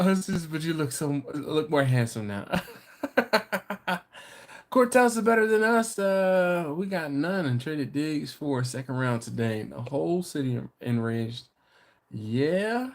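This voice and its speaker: A man chatting casually on his live stream from his living room at home, telling stories with lots of laughter. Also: fairly high pitch. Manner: animated, laughing storyteller.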